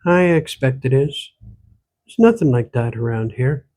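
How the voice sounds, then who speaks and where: A man's voice: medium pitch, expressive, a little slow, mellow, close to an everyday voice. A man voicing a small, irritable old rural woman who scolds a young stranger in a lilting country way of speaking. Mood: irritable, scolding.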